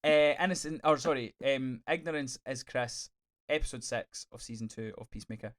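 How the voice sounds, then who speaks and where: A man co-hosting a podcast, chatting in a gushing, sweary, animated way. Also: medium pitch, a little fast, noisy background. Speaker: podcast co-host. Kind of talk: casual review chat.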